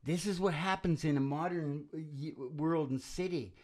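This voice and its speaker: A man's voice: on the high side, normal speed. A man hosting a radio show in casual chat, blunt and swearing, often trailing off mid-sentence. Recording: loud acoustic guitar behind voice.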